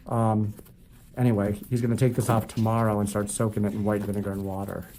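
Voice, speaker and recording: A man working as a foot doctor, narrating a procedure as he does it in a clinic treatment room. He talks in a calm, explanatory way and jokes with his patient. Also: fairly low pitch, fast, a little hiss or hum.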